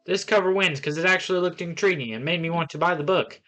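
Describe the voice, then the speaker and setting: This livestreamer talks fast in a slightly high voice that sounds pushed and bright, with soft music playing behind him. Casually reviewing comics, he rambles over the plots with plenty of fillers before delivering blunt, scornful judgments.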